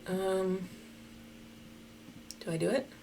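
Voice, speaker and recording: A woman giving casual, chatty commentary while playing a geography guessing game, thinking out loud and laughing often. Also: medium pitch, steady tone, slow pace, creaky, a little hiss or hum. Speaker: game streamer.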